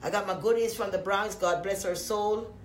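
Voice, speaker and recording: A woman from Jamaica with a Jamaican accent, talking loudly and profanely to her live-stream viewers in a casual, rambling way, often breaking into laughter. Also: medium pitch, normal speed, roomy sound, slight background noise. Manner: profane, loud and animated with frequent laughs.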